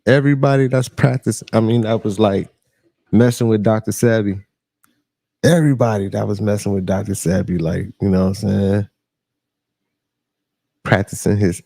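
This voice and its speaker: Gravelly low-voiced man chatting on a stream. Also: mellow, dry recording. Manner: rambling, drawling, lots of fillers and slang. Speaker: reaction streamer. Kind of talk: casual livestream reaction talk. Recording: dry close sound.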